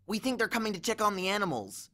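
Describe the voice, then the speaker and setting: A man voicing a young male satyr giving a hushed, urgent warning in an audiobook. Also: high voice, big pitch swings, quick pace, voice pushed up. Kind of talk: audiobook character voice.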